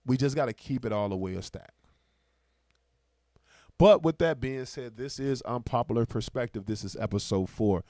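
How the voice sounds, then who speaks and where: A man hosting a casual podcast, talking fast and emphatically as he argues his points and plugs the show. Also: mid-range voice, mellow, no echo, clean studio sound. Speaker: podcast host. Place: small indoor studio.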